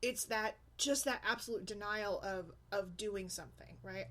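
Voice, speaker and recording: A woman's voice: medium pitch, a little slow, few pauses, fairly bright tone. A woman talking in a casual vlog, venting bluntly and emphatically about her daughter's attitude. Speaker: single mom blogger.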